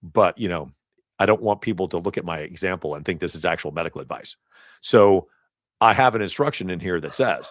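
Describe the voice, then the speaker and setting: A man teaching a live training class, talking casually with asides and quick self-corrections. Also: low voice, no echo. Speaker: instructor. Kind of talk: live certification lecture. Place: training event room.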